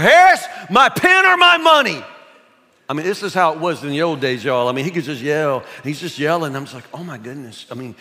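Folksy pastor in a big hall. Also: male voice, a little high, a bit bright. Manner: folksy storytelling with self-mocking humor. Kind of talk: sermon. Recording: long hall reverb.

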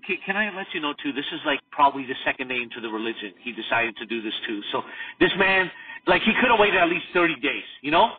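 A man co-hosting a casual podcast, telling stories in an animated way and acting out the people he quotes. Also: on the high side, fast talker. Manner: animated storytelling, acts out quotes. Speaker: podcast co-host. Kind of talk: casual chat. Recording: distant tinny phone-like audio.

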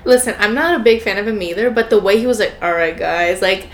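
A young adult woman co-hosts a podcast, talking fast in a fairly high pitch with fairly even intonation. Her casual chat is full of playful teasing and lots of "like," recorded in an echoey room with faint noise.

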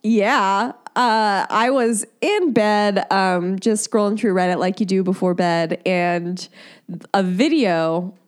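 A woman's voice: medium pitch, slow pace. A young woman co-hosting a podcast, telling a story in casual chat and laughing as she goes. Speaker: podcast co-host.

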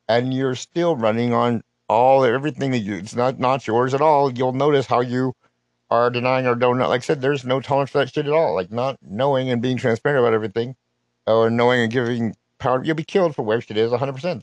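A man's voice: mid-range voice, dry recording, rough recording. A man delivering an unscripted live rant, profane, threatening and rambling. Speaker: solo podcaster.

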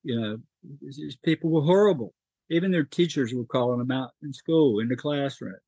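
A man's voice: medium pitch, normal speed, warm tone, husky, dry recording, rough recording. A middle-aged man from North Carolina, a podcast guest telling his life story in an emotional, earnest way.

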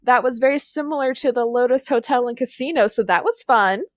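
A woman guest chats on a podcast with wry, dry humor and a fairly high voice. The recording is close-miked and dry. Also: a little fast, dry recording. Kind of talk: casual chat.

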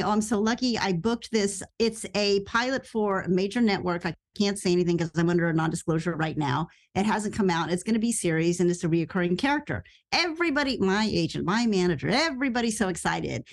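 A woman guest tells her story on an interview podcast. She talks quickly and with plenty of life, and she acts out the people she quotes. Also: medium pitch. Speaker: actress and radio host guest.

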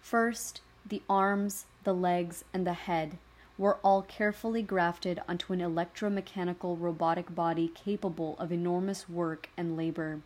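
Woman storyteller, slightly low voice, steady scripted narration. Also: moderate pace.

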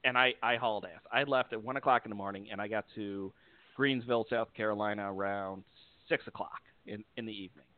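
A man from upstate New York hosting a podcast, telling a story in an easygoing, animated way. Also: on the low side, brisk, no echo. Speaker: podcast host. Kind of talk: casual chat, storytelling. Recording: dry, tinny phone-like line.

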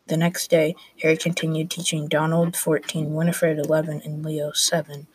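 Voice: medium pitch, monotone, normal speed, breathy edge, dry recording. A student narrating a class story aloud, reading plainly with small restarts.

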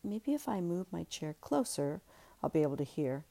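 A woman's voice: on the low side, very animated, moderate pace, vocal fry, dark tone, full character voice. A woman voicing Ellie, a frustrated woman at a meeting, exasperated and swearing under her breath. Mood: irritated.

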